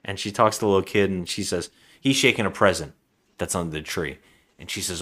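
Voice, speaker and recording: A man with a fairly low voice co-hosting a podcast, recapping a trashy movie in a loose, rambling way. He slips into quick impressions of the characters as he goes. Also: fairly even intonation, fairly bright tone. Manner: rambling, acts out lines in voices. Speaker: podcast co-host. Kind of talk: casual movie recap chat.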